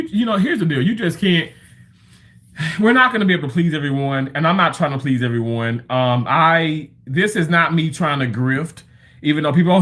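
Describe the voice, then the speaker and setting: A man in his thirties or forties talks through a loose, rambling livestream monologue, chatting and telling stories as he goes. His voice sits a little on the high side, and he swears casually in the middle of his sentences. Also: a bit bright.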